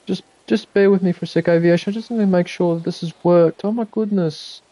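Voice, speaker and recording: A man's voice: high-pitched, fairly even intonation, brisk, warm tone, dry recording. A man chatting casually on a live game stream, muttering to himself and swearing when frustrated. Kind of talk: casual live-stream chat while gaming.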